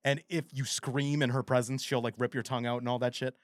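A man co-hosting a podcast in casual chat, animated and rambling, with frequent swearing. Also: mid-range voice, quick pace, no room sound, studio quality. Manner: animated, profane, rambling storyteller. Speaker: podcast co-host.

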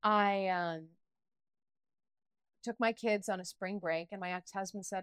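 A middle-aged woman talks candidly as an interview guest. Her delivery is animated and emotional, with many restarts and bursts of laughter. The sound is dry and close. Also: medium pitch, moderate pace, long pauses, clear, resonant tone, dry recording. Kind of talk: candid personal interview talk.

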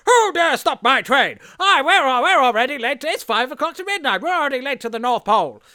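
A man voicing a flustered, indignant train conductor who shouts about running late. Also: very high voice, big pitch swings, brisk, voice pushed up, full character voice.

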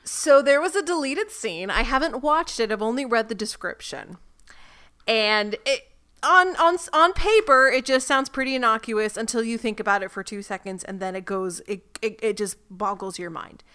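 A woman's voice: a little high, moderate pace, sharp tone, clear, resonant tone. A young woman co-hosting a casual TV recap chat, thoughtful, retelling scenes with little laughs. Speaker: podcast co-host.

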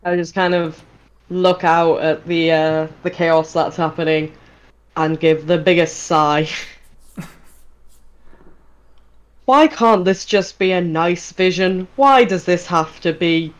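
A woman's voice: on the low side, slow, long pauses. A woman playing in a tabletop game, speaking in a wry, casual way with fillers. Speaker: player.

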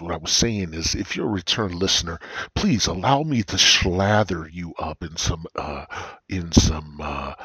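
Foul-mouthed man, low husky voice, drowsy and yawning, crude rambling podcast host, dry cheap headset. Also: fairly bright tone, no echo. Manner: profane, jokey, drawling, with yawns and sudden high squeals. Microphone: cheap gaming headset.

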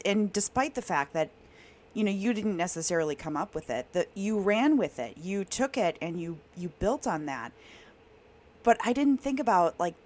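Lively expressive woman podcast host. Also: medium pitch. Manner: expressive, laughs readily, enthusiastic reactions. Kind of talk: casual interview chat.

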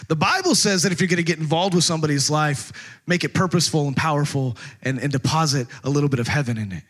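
Bright-voiced joking preacher man. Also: a little high, expressive, quick pace. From Texas. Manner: joking, conversational preaching with rhetorical questions. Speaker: pastor. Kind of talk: sermon.

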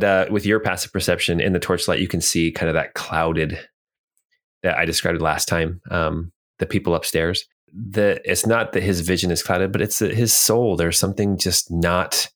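A man narrating as game master of a tabletop role-playing game, relaxed, with filler ums. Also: deep voice.

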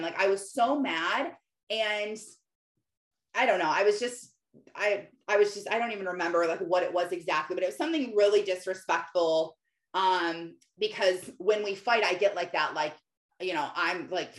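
A woman's voice: medium pitch, moderate pace. A woman in her thirties chatting casually about faith and family, rambling and filling her talk with "like". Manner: chatty, rambling, lots of "like" fillers. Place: home office. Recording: roomy echo.

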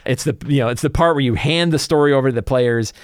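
Man, mid-pitched, game master recapping a campaign in a loose, rambling way. Dry, close sound. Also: fast, clear, resonant tone, dry recording. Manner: rambling storyteller, many fillers and restarts. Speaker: game master and show host.

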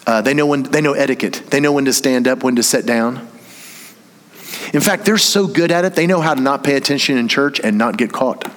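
A man's voice: mid-range voice, a little fast, fairly bright tone. A man from Tennessee, preaching a sermon and telling a story with humor and acted-out voices. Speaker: pastor. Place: church. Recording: reverberant church hall.

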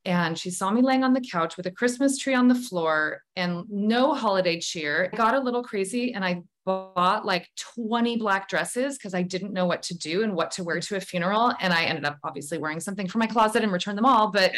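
A woman's voice: medium pitch, fairly quick, hardly any pauses, fairly bright tone. A woman guest, an author, candidly telling a personal story in a casual podcast conversation. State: tearful at moments.

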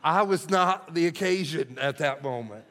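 Older male pastor, slightly high voice, folksy sermon delivery in a reverberant sanctuary. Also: lively intonation, normal speed. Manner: folksy, conversational preaching that swings from hushed to loud. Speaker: lead pastor. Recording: long hall reverb.

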